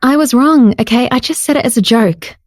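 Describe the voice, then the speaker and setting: A woman voicing a shy, affectionate young heroine in an audiobook romance, speaking high and earnest. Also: fairly quick, dry recording, clean studio sound, lightly acted. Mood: flustered. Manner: pitched up, earnest and emotional. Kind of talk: audiobook character voice.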